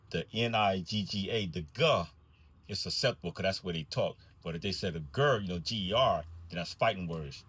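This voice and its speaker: Husky low-voiced man telling wry stories. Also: no room sound. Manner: drawling, wry deadpan storytelling. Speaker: school bus driver. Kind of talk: comic storytime monologue.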